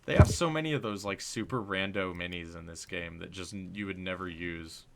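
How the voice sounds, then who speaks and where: A man hosting a livestream, chatting casually and excitably over a game, with slangy talk that gets loud when he is hyped. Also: low voice, fairly quick, gravelly. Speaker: livestream host. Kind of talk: casual gameplay chat.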